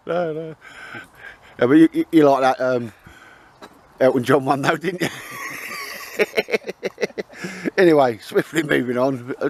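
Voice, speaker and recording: A man's voice: mid-range voice, a little mellow. A middle-aged man, chatting and joking on his outdoor vlog in the woods. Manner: jokey, banter-heavy, laughs a lot. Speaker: vlogger. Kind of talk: casual outdoor vlog chat.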